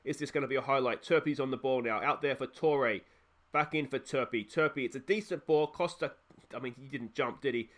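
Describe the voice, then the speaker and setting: A young man with an Australian accent, hosting a let's play and giving chatty, excitable live commentary on a football management game, often talking to his players. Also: medium pitch, a little fast.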